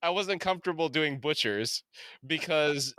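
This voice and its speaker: Male podcast co-host, bright and punchy tone, dry recording; detailed recapper. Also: a little high, expressive, measured pace, clear, resonant tone, no room sound. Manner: recaps episode scenes in detail, laughs easily. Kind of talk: casual podcast recap chat.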